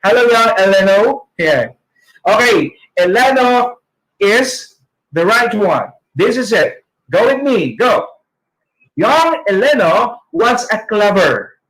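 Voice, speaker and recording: High-voiced Filipino man teaching pronunciation. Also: fairly bright tone, roomy sound, low-quality recording. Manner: slow, deliberate, models sounds for repetition. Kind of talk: pronunciation lesson, reading drills aloud. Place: online training session.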